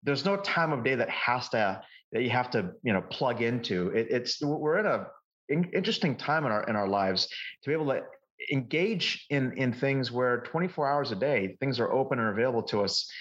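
Brief: male coach guest, mid-pitched, animated storyteller who restarts a lot, muffled lo-fi recording. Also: normal speed. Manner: animated, lively anecdotes with frequent restarts. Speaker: market forecasting coach, guest. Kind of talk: conversational interview storytelling.

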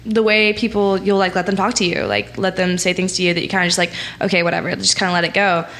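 A woman's voice: mid-range voice, a bit bright. A young woman guest in a casual podcast chat, talking loosely with many fillers. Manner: chatty, lots of likes and ums, laughs often.

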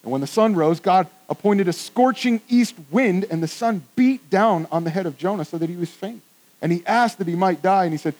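A pastor preaching a conversational sermon to a congregation, swinging from hushed, soft remarks to loud, emphatic lines. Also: male voice, fairly high pitch, animated, fairly quick, poor audio. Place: church with congregation.

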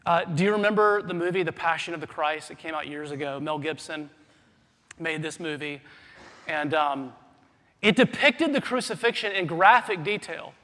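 A man with a high-pitched voice delivers a sermon in a church sanctuary. He drops to a hush and then builds to loud, urgent emphasis, and a long hall reverb trails every phrase. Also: moderate pace. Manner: dynamic preacher, swings from hushed to loud. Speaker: pastor.

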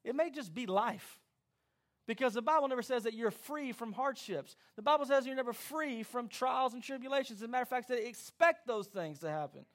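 A man preaching a sermon as pastor, animated and acting out quoted voices. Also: very high voice, brisk.

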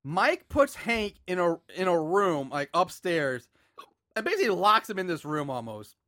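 A man's voice: high-pitched, very animated, normal speed, sharp tone, no echo, clean studio sound. A man co-hosting a podcast, recapping a movie plot with sarcastic asides. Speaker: podcast co-host.

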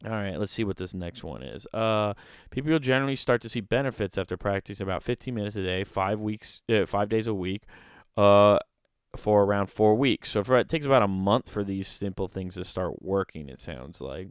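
Easygoing low-voiced young man riffing. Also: brisk, clear, resonant tone, no echo, studio quality. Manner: rambling, jokey, riffs into bits. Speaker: vlogger. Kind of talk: casual comedic commentary.

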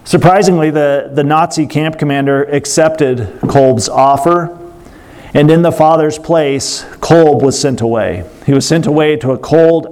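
A man's voice: medium pitch, a little mellow. A man preaching a sermon, telling a story earnestly and breaking off for casual asides to the congregation.

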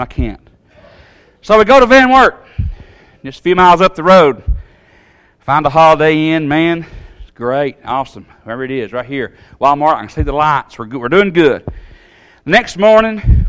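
A man telling a long personal story in a sermon, in a folksy, animated way with sudden jumps in pitch. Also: clear, resonant tone.

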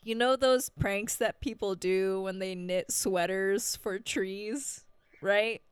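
A woman co-hosting a podcast in casual chat, chatty and quick to laugh. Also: mid-range voice, fairly even intonation, clear, resonant tone, dry recording. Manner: chatty, giggly. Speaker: podcast co-host.

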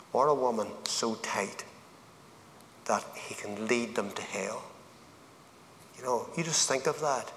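A Northern Irish man speaks earnestly and plainly, his voice sitting at an ordinary middle pitch. He rises into fervent appeals to his listeners. A long reverb trails his words around the event hall. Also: fairly bright tone. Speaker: speaker giving a personal testimony. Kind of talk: evangelistic testimony at a men's event.

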